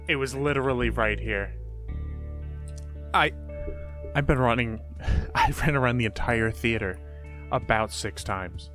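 A man's voice: mid-range voice, fairly bright tone. A man commenting on a horror game as he plays, goofy, talking to himself and exclaiming often. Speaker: gamer. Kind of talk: let's play commentary.

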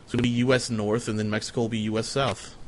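A man streaming a strategy game, giving casual, profane, sardonic commentary as he thinks out loud. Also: on the low side, little pitch movement, fast talker, a little hiss or hum.

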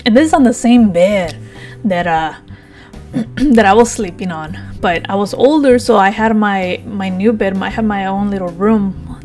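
A woman's voice: medium pitch, a little slow, darkish tone, soft background music. A woman vlogger casually telling a rambling, self-mocking story, laughing as she goes.

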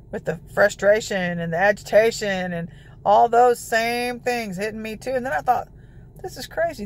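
Woman, gravelly voice, devotional teaching, exclamatory, faint background noise. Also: on the high side. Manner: exclamatory, scripture-citing, laughing asides. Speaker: prophetic ministry host.

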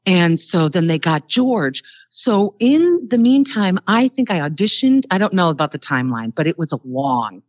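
An older actress chatting as an interview guest, telling rambling anecdotes full of fillers. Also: female voice, lowish voice, very animated, normal speed, hardly any pauses, a little mellow, no room sound, muffled recording. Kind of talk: casual interview storytelling.

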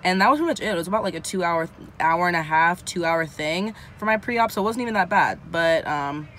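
A woman's voice: on the low side, animated, fairly quick, a bit bright, slight background noise. A young woman talking candidly into a handheld phone for her vlog, rambling and swearing freely. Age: young adult. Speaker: vlogger. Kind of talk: casual handheld vlog to camera. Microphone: handheld phone camera.

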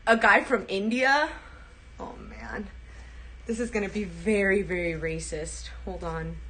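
A woman's voice: mid-range voice, unhurried, fairly bright tone, a little hiss or hum. A young woman livestreaming casually, chatty, giggly and self-deprecating.

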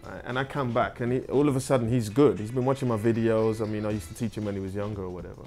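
A man's voice: lowish voice, steady tone, rapid-fire, mellow, faint music behind. A man speaking as an interview guest, telling candid stories in a frank, profane way and often tagging remarks with "right?". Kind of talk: candid conversational storytelling.

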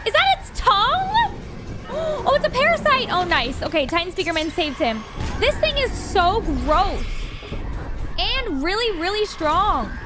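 A woman hosting a reaction video, excitable, gasping often and talking to her viewers as she watches an animation. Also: very high voice, measured pace, loud music behind the voice.

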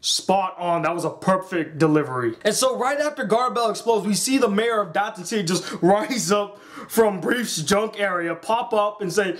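Young male reviewer, high voice, excitable and animated, casual and profane. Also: moderate pace. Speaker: anime reviewer.

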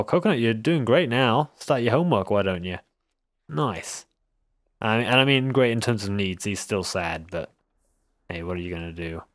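Man, mid pitch, chatty let's-play host who teases his characters, dry close sound. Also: no room sound. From West Country, England. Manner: chatty, teasing, talks to game characters. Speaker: gaming video host. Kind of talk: casual gameplay commentary.

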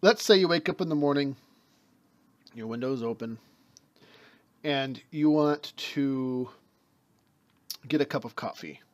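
Man, mid pitch, teaching a mystery-school lesson, everyday examples, halting restarts. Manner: explains with everyday examples, talks in fits and starts with restarts. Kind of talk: spoken lecture.

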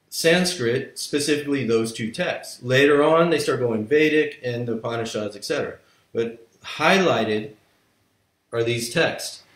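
A man's voice: medium pitch, a bit bright. Storytelling male yoga teacher, roomy sound. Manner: storytelling, acts out historical reactions with exclamations. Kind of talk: lecture on yoga history over a livestream.

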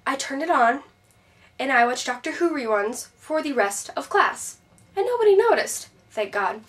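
A woman's voice: sits high, a bit bright, distant mic. A woman playing a bitter, depressed teenage girl who vents sarcastically in a scripted video-diary monologue. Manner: sarcastic, exasperated storytelling.

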